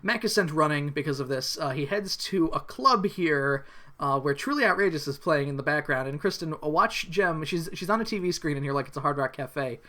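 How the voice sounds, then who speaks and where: A man's voice: on the high side, expressive, a little fast, pushed and bright. Man, podcast co-host, casual cartoon recap, wry, jokey, rambling.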